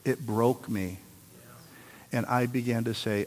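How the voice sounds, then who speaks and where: A man in his sixties preaching a sermon in a church, telling a story and then building to loud, emphatic exhortation. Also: medium pitch, fairly even intonation, slow pace, pauses often, big-room sound. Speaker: pastor.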